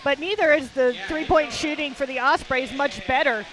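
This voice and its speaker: High-voiced folksy female color commentator. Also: moderate pace. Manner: folksy, analytical, plain-spoken. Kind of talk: sports commentary.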